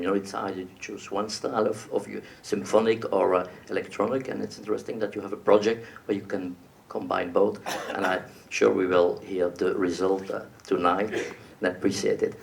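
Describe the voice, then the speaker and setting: A man's voice: deep voice, level tone, brisk, gravelly, recorded from a distance. A man moderating a panel, hesitant and full of fillers as he frames questions. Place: stage at an awards event.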